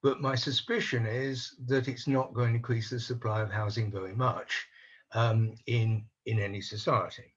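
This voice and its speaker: An older man speaking on a conference panel over a video call, measured and analytical, voicing doubts in a deliberate way. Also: mid-range voice, little pitch movement, slightly rough, lo-fi sound. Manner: measured, analytical, openly skeptical. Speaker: panel speaker on housing policy. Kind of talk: online conference talk.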